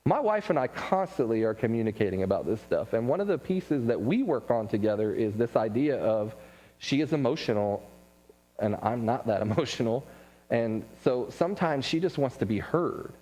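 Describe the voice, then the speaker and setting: A man giving a casual church class talk, telling stories with quick asides and laughs. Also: medium pitch, expressive, warm tone. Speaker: Bible class teacher. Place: church room. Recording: long hall reverb.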